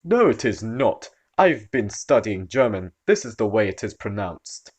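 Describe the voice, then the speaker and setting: A man's voice: on the low side, very animated, measured pace, a little mellow, husky, heavily acted. A man playing a pompous teenage boy who puts on a fake posh accent and insists he is right. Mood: smug. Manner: smug, insistent.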